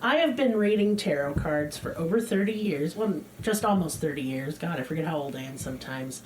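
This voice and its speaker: A woman's voice: sits low, animated, fairly quick, a little mellow, a little hiss or hum. Blunt, joking woman podcaster. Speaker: podcast co-host. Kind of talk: casual chat.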